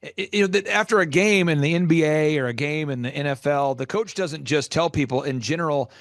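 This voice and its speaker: He talks fairly quickly in a voice on the high side, captured in a dry, clean studio recording. The man is a business coach hosting a podcast interview, and he brings energy and emphasis, voicing the people he describes in his stories.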